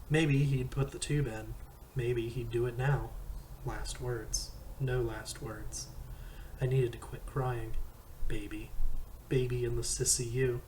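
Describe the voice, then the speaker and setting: A man reading a novel aloud in a slow, measured first-person narration. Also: medium pitch, a little mellow, a little hiss or hum, rough recording. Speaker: audiobook reader.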